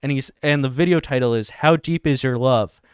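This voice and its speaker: Smooth-voiced man hosting a comedy stream. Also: medium pitch, brisk, no room sound, clean studio sound. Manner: laughing, crude, reading chat and video text aloud. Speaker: livestream host. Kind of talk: satirical livestream commentary.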